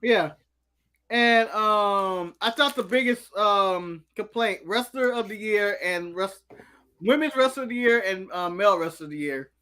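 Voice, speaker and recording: American male co-host, high and bright, animated ranter, eats on mic. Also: unhurried, clean tone. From United States. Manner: animated ranting, snacking while talking. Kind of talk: casual live-stream chat.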